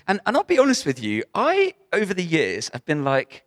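A man's voice: high voice, huge pitch swings, normal speed, hardly any pauses, dry recording, clean studio sound. A man preaching a sermon to a church gathering, in a conversational, emphatic way with frequent restarts.

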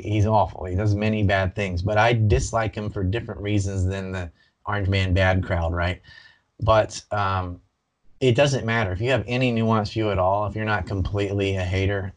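A man guest in a casual interview, telling his story in an animated, rambling way with many restarts. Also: on the low side. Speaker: banned video creator.

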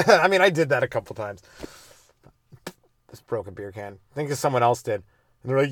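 Brisk and a bit bright, a medium-pitched male comic hosts his podcast alone, recorded with no echo. He delivers a rambling riff on his own jokes, peppered with swearing, laughter at himself, and silly voices.

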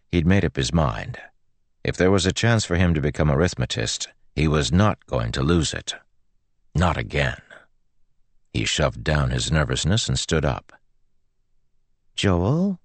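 Very deep, gravelly male narrator. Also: expressive, moderate pace, no echo. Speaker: audiobook narrator. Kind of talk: audiobook narration.

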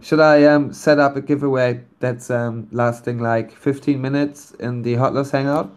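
Over an online voice call, a non-native English-speaking man chats casually in a community call, announcing a nomination while stumbling through ums and restarts. He has a smooth, steady, mid-range voice at an ordinary pace.

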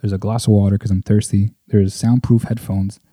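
Low, flat-voiced young man rambling. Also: brisk, no echo. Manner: rambling and profane, full of "like" and "you know". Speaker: podcast host. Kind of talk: casual solo podcast monologue. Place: at a table indoors. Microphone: desk microphone close to the mouth.

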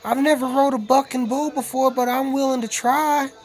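A man's voice: very high-pitched, steady tone, normal speed, faint music behind, a faint crowd, voice pushed up. A man putting on the voice of a folksy, rambling country cowboy. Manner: drawling put-on cowboy voice.

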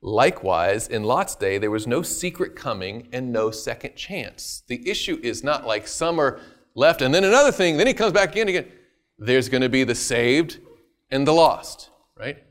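A man's voice: medium pitch, big pitch swings, moderate pace. Emphatic man teaching a Bible study. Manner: emphatic, keeps checking in with "right?"; repeats phrases for stress. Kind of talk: casual Bible study talk.

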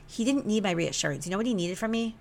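A young woman podcast host talks fast in a gravelly, medium-pitched voice as she relives a personal story. Her candid monologue is emotional, loaded with swearing, and full of acted-out dialogue. Slight background noise is audible.

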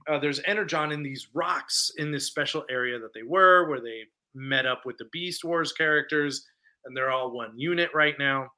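A podcast co-host who reviews films chats casually about a movie he saw, speaking at normal speed in a mid-range male voice. He retells it animatedly, acting out lines from scenes, and fills his talk with plenty of fillers.

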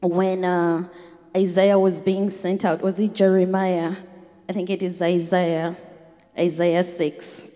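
A woman preacher speaks slowly and deliberately, her low, mellow voice carrying a long reverb through a church hall. Faint music sits underneath as she reads scripture and moves into fervent prayer. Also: level tone. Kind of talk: sermon with prayer.

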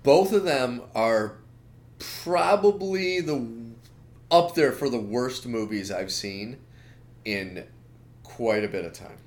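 A man co-hosting a podcast, ranting in an animated, opinionated way with lots of asides. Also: medium pitch, slow pace. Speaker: podcast co-host. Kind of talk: casual chat.

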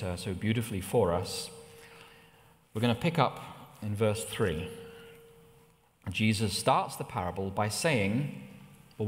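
A middle-aged man preaching a sermon, telling personal stories with lively rises in pitch. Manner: anecdotal, with animated rises in pitch. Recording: long hall reverb.

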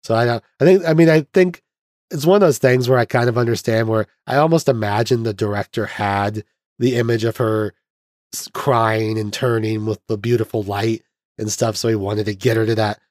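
A man's voice: lowish voice, normal speed, a little mellow, no room sound. A young man hosts a podcast and walks through a film's plot in a loose, chatty way. He slips into mock voices and laughs as he goes. His voice sounds dry and close to the mic. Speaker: podcast host. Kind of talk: casual film recap chat.

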